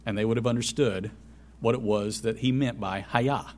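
A man preaching a sermon, who swings between loud emphasis and soft asides and repeats key phrases. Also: fairly low pitch, fairly even intonation, moderate pace.

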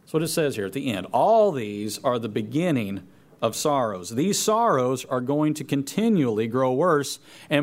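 A man's voice: medium pitch, big pitch swings, normal speed. A man preaching a sermon, reading scripture aloud and repeating key phrases for emphasis. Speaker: pastor.

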